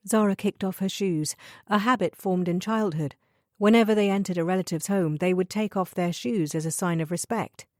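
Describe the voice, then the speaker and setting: A woman narrating a thriller audiobook in a measured, even reading style. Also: on the low side, no echo, clean studio sound. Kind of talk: scripted narration.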